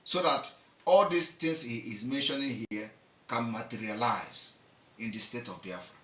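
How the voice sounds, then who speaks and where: A man hosting an online live show, giving emphatic, repetitive commentary that swings between loud and soft. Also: mid-range voice, roomy sound, recorded from a distance, rough recording.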